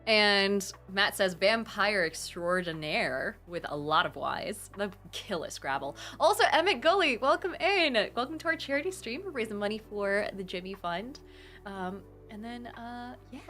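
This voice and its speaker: A woman's voice: medium pitch, normal speed, sharp tone, soft background music. A woman hosting a charity live stream, chatting casually and reading out her chat in a bubbly, gushing way as she thanks donors.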